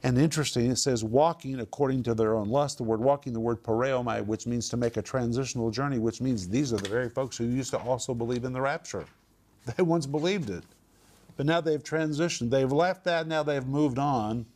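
A man's voice: medium pitch, normal speed, a little mellow. A man teaching a home group Bible study, emphatic and repeating words for stress.

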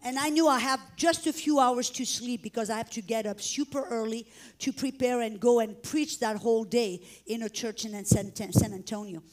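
A woman with a high voice preaches, telling her testimony with drama. She acts out shouts and commands, then falls back to an even telling voice. She sounds middle-aged. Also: normal speed. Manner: dramatic storytelling, acting out shouts and prayers. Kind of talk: testimony sermon.

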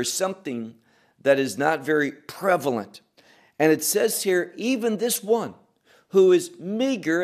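Slow, emphatic male preacher. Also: a little high. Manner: slow, emphatic, rising and falling delivery. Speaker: pastor. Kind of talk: expository sermon.

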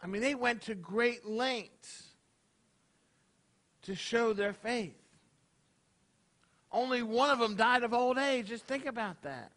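A man's voice: extremely high pitch, slow, long pauses, fairly bright tone. A man, a rabbi preaching a casual, conversational sermon to his congregation, tossing out rhetorical questions. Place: congregation hall.

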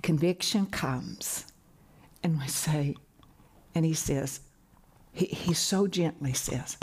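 A woman preacher giving an earnest sermon on a broadcast program, rising in pitch for emphasis and dropping to hushed whispers. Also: takes it slowly, pauses often, breathy edge. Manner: earnest, swings between soaring and hushed whispers. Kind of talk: televised sermon.

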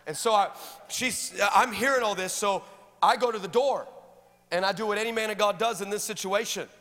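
A pastor delivering an energetic, humorous sermon that swings into shouting. His voice is high and bright, carried by a long reverb in a large church hall with faint noise behind. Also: a little fast.

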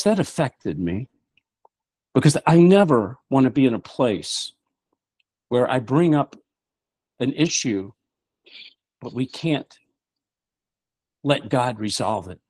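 A man's voice: medium pitch, big pitch swings, slow pace, long pauses, darkish tone, no echo. A middle-aged man hosting a show, preaching emphatically with rhetorical questions. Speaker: show host. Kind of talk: preaching talk-show monologue.

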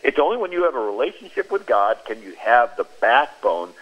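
A man giving a Christian talk on a radio show, telling stories in an animated way and acting out the quoted lines. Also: mid-range voice, a little fast, lo-fi sound. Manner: animated storyteller who acts out quoted speech. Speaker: Christian speaker.

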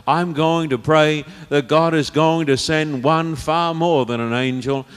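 A man's voice: a little high, steady tone, unhurried, clear, resonant tone. A man preaching an evangelistic sermon, earnest and pleading, repeating phrases for emphasis. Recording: long reverb of a hall.

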